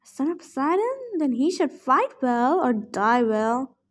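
A woman's voice: high voice, sing-song, a little slow, full character voice. A woman doing a demanding giant arena lord. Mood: commanding. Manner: demanding, bellowing. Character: booming arrogant giant male arena lord.

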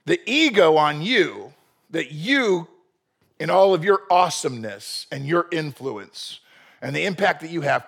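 A male pastor preaching a sermon in an animated way. He asks rhetorical questions and acts out quotes. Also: fairly high pitch, slightly rough.

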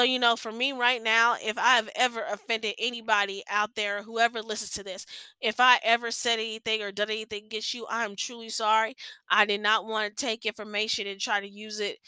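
A woman's voice: mid-range voice, little pitch movement, fairly quick, sharp tone, clear, resonant tone, dry recording. A young adult woman hosting a faith-based podcast, talking earnestly in a rambling way with many restarts. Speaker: podcast host.

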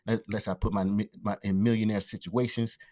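Fast-talking podcast man, slangy. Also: lowish voice, little pitch movement, a little mellow. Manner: fast, loose talk with fillers and slang. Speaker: podcast host. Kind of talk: casual solo podcast monologue. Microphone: podcast microphone.

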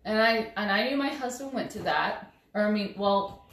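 A woman's voice: medium pitch, expressive, moderate pace, roomy sound. A woman telling a personal story in an earnest, emotional way, often stopping and restarting her sentences. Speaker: vlogger.

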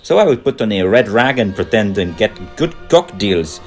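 A man's voice: fairly low pitch, very animated, moderate pace, a little mellow, soft background music. An actor playing a crude, boastful, washed-up male director, in a mockumentary interview. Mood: wry. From France.

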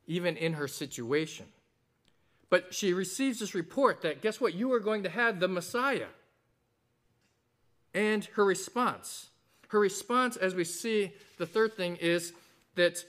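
Preacher, male, a bit high-voiced, animated sermon delivery with jokes and quoted lines. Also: normal speed. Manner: animated preaching with a told joke and acted quotes. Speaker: pastor.

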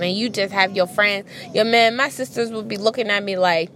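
A woman's voice: mid-range voice, moderate pace, hardly any pauses, noisy background. A young adult woman telling a casual, profane story about her childhood and parenting, acting out voices as she goes. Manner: animated, profane, acts out voices.

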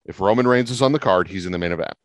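A man's voice: racing, no room sound. A man co-hosting a casual wrestling podcast, talking emphatically and arguing his opinions. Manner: emphatic, argumentative, lively pitch swings. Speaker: podcast co-host.

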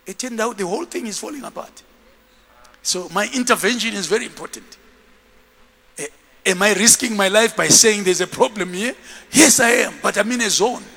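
A man preaching a lively sermon as bishop, shouting and laughing, having the congregation repeat after him. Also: sits high, fairly quick, creaky. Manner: animated, shouting, with bursts of laughter. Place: large church hall. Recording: long reverb of a church hall.

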